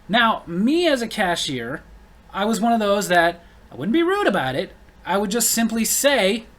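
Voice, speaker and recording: A man's voice: high voice, expressive, moderate pace, a bit bright. A man tells a story in a casual, spoken rant. He sounds blunt and exasperated, and he leans hard on his complaints. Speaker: storyteller vlogger.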